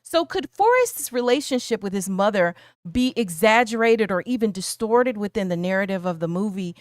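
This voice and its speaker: A woman's voice: medium pitch, expressive, normal speed, dry recording, clean studio sound. A woman co-hosting a casual film discussion stream, posing prepared questions to her co-host and the chat with plenty of fillers like "you know.". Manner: chatty, poses prepared questions with many fillers.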